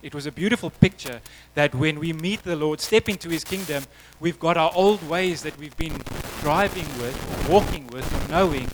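A man's voice: a little high, noisy background. A man preaching a sermon, telling a story in a conversational way before moving to prayer. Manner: storytelling, conversational with acted quotes.

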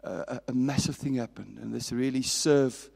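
A man's voice: mid-range voice, moderate pace, vocal fry. Man, pastor, sermon, impassioned, long hall reverb. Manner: impassioned storytelling, swinging from raised to hushed.

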